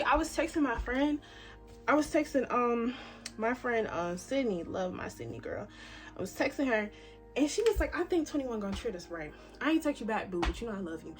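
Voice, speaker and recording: Early-twenties woman, chatty vlogger talking to camera, lively swings between loud and soft, light music behind. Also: mid-range voice, moderate pace. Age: 20s. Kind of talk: casual chat to camera. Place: cabin.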